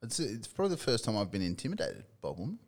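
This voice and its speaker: A man's voice: fairly low pitch, sing-song, racing. A middle-aged Australian man in casual sports chat, laid-back, swearing freely and laughing often. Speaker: podcast co-host.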